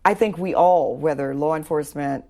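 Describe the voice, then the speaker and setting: A woman interviewing a guest in a relaxed conversation, often chiming in with agreement and short affirmations. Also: low-pitched, normal speed.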